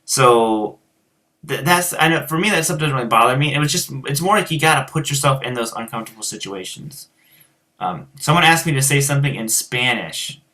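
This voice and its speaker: A man's voice: medium pitch, animated, a little fast, bright, forceful tone. A man with a rural American accent, chatting casually as a guitar teacher and host, rambling with many fillers and restarts. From United States. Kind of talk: casual chat answering viewers.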